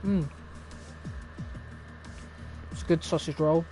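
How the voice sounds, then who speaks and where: Man, young adult, stream host, casual rambling chat, wry chuckles, slightly high pitch. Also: fairly even intonation, takes it slowly, warm tone, faint music behind. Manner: rambling, wry, laughs often at the chaos.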